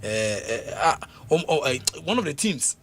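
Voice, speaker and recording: A man with a Ghanaian accent talking sports on the radio in a casual, animated way, laughing often and full of fillers and repeats. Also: mid-range voice, normal speed. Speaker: radio sports show panelist. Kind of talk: casual radio sports talk mixing English and Twi.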